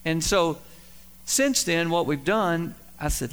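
A middle-aged man preaching a sermon, telling folksy, self-deprecating stories with emphatic swings in loudness. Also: a little high, animated, slow, clear, resonant tone. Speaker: pastor. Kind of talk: sermon with storytelling.

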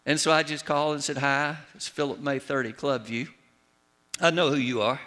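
A pastor telling a story and preaching a sermon with emphatic delivery. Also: male voice, medium pitch, steady tone, normal speed, sharp tone. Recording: long hall reverb.

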